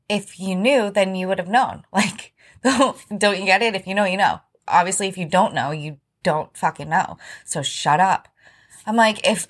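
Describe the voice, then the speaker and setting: A woman hosting her own podcast, talking casually and venting about her week, with lots of "like". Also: medium pitch. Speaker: podcast host. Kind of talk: casual solo podcast recap.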